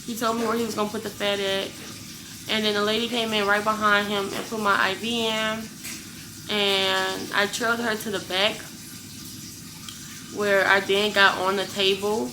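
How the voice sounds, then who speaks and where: A woman's voice: mid-range voice, normal speed, background noise. A young woman vlogger casually telling her viewers a story, blunt and full of swearing. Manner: profane, blunt, animated retelling.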